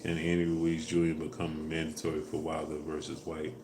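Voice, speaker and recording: A man hosting a casual live stream, answering viewers in a relaxed way with fillers, louder when asking for likes. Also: a bass voice, a little fast, noisy background. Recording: echoey room with faint ambience.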